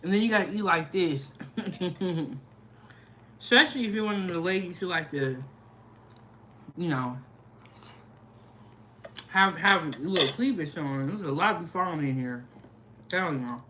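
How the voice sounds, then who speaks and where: Slow, chatty woman eating on stream. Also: fairly low pitch, slight background noise. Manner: relaxed, chatty, savoring food with hums. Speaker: food vlogger. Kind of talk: casual mukbang livestream chat.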